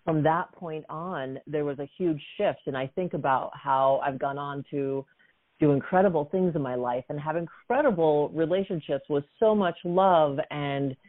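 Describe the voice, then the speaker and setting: A woman's voice: deep voice, moderate pace. Woman telling stories over a phone-like line. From United States. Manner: animated storyteller, frequent "you know" fillers. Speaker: guest, coach and author. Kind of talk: storytelling in a conversation. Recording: phone-like narrow sound.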